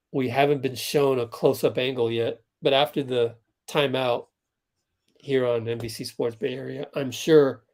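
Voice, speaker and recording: Slightly mellow and mid-range, this man's voice carries casual live commentary on a basketball game for his stream. He's chatty, responds to each play, and chats with viewers in the stream chat.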